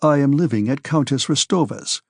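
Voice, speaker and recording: A man voicing a reserved young officer who answers quietly and respectfully. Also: medium pitch, moderate pace, dry recording, clean studio sound, natural voice.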